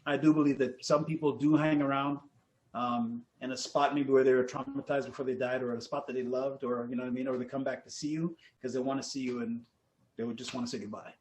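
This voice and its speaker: A man telling ghost stories in a casual podcast chat, animated and acting out the people he quotes. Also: mid-range voice, fast talker. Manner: animated, acts out quotes, laughs often.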